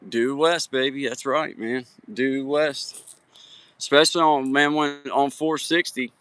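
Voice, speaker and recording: A man's voice: medium pitch, steady tone, measured pace, fairly bright tone, clear, resonant tone, dry recording. A man from Virginia, chatting casually with live viewers from a hiking trail on his phone, folksy and friendly with greetings by name. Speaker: livestream host. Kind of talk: casual live-stream chat. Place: outdoors on a hiking trail at sunset. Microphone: phone held for a live stream.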